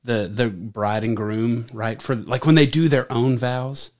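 A man's voice: medium pitch, steady tone, unhurried, a little mellow. A man who speaks on stage every week as a pastor, chatting casually and teasing his co-host. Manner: playful, teasing. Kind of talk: casual chat.

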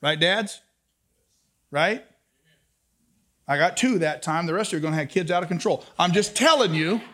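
A man with a very high voice preaches a lively sermon. He drops to soft asides, then rises to loud emphasis, and keeps asking his listeners for answers. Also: a little fast. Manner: talks back and forth with the congregation. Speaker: pastor.

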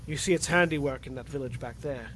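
A man voicing a grave male blood hunter, speaking slowly and ominously. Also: mid-range voice, very noisy, close to an everyday voice.

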